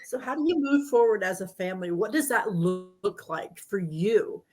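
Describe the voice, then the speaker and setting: A woman's voice: medium pitch, lively intonation, normal speed, a little mellow, soft background music. A woman hosting an interview, earnest and openly moved, talking over a video call. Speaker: host. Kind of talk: emotional interview conversation.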